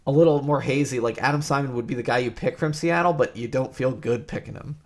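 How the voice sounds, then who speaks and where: A man's voice: medium pitch, fast. A man with a mid-range voice co-hosts a casual sports talk show. He talks in hesitant bursts full of fillers and laughs easily with his partner.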